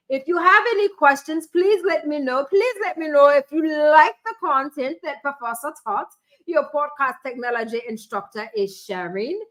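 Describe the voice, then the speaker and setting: A woman with a high, bright-pitched voice walks through a screen-share tutorial. She talks to herself as she works and laughs at her own little jokes. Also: moderate pace. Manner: chatty, thinks aloud, laughs at own jokes. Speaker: life coach and tech tutorial host.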